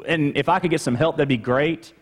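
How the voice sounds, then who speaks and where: A woman's voice: low-pitched, brisk, long reverb tail. A male preacher voicing a busy, put-upon woman who hurriedly asks for help with her chores. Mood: exasperated.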